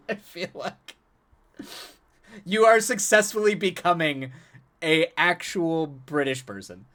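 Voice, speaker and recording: A man's voice: a little high, takes it slowly, long pauses, pushed and bright. A man talking casually as a live streamer, chatting with viewers, often laughing and repeating words as he restarts his sentences.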